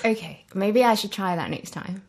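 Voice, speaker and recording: A woman's voice: mid-range voice, moderate pace. A woman who is a guest on a podcast, chatting casually, giggling often and letting the host lead. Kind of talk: casual chat.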